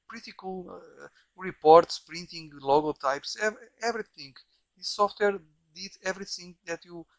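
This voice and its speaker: Speaking over a bad microphone, this software developer from Portugal, Portuguese his mother tongue, gives a loose, rambling software walkthrough full of restarts and repetition. His voice is slightly high and a touch bright.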